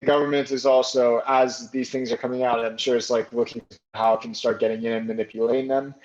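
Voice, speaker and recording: A man's voice: mid-range voice, level tone, quick pace, darkish tone. A man speaking as a podcast guest in casual conversation, hesitant, with many fillers and restarts, heard over a remote call. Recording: muffled remote audio.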